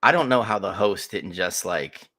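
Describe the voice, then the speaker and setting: Man, deep gravelly voice, bright edge, swearing, laughing storyteller, casual podcast. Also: normal speed. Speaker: podcast co-host. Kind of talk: casual chat.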